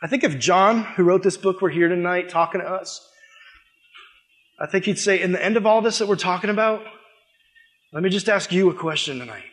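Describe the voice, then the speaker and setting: A young man as youth pastor, preaching a sermon with animated storytelling that acts out the dialogue. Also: high voice, a little fast, long pauses.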